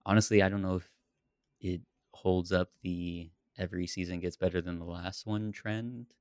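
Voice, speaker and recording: A man's voice: low voice, moderate pace, dry recording, studio quality. A man co-hosting a podcast, chatting casually and laughing as he talks through a TV series. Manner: relaxed, laughs often, rambling. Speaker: podcast co-host. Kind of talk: casual chat about a TV series.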